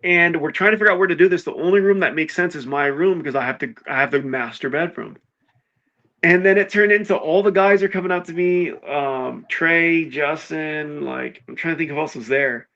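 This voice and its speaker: A man with a slightly high voice tells a wild story in casual chat. He swears freely and jumps into everyone's quoted lines. The sound is dull and lo-fi. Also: a little fast. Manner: animated, swears a lot, acts out quotes. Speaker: co-host telling a party story.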